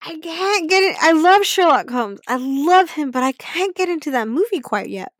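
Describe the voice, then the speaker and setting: High-voiced swearing woman podcaster. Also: normal speed, no echo. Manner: swears freely, animated and laughing. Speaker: podcast co-host. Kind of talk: casual chat.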